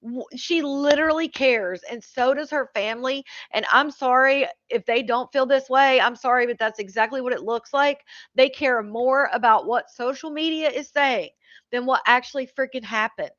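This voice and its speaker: A woman's voice: sits high, moderate pace, fairly bright tone, no room sound. Indignant woman reacting, lo-fi recording. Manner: indignant, rambling, with frequent fillers. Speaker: true-crime commentator. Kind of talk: casual reaction commentary. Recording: dull lo-fi dry audio.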